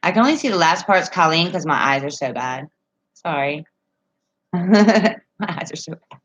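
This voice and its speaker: A woman's voice: fairly low pitch, animated, moderate pace, dull audio. A woman chatting casually on a live stream from home, reading viewer comments and telling rambling stories with frequent laughs.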